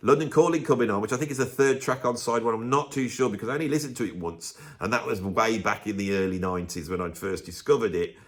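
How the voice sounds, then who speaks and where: A man's voice: lowish voice, fast talker, hardly any pauses. A man hosting a music channel, delivering a grumpy, emphatic, opinionated rant to camera in a casual way. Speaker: music video host.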